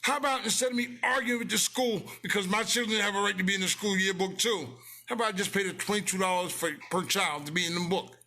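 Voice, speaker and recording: A man's voice: high voice, quick pace, bright, forceful tone, faint music behind. A man in a blunt, casual motivational rant, preachy and repeating his lines for emphasis, speaking close to the mic. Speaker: business owner promoting his company.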